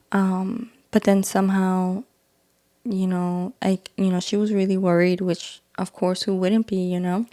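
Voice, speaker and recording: A young woman shares her own story in a casual, halting way, full of fillers and restarts. Her voice sits at a middle pitch with a warm, mellow, unforced tone. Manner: hesitant, many fillers and restarts, soft-spoken. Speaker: podcast host sharing her testimony. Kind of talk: personal testimony, casual storytelling.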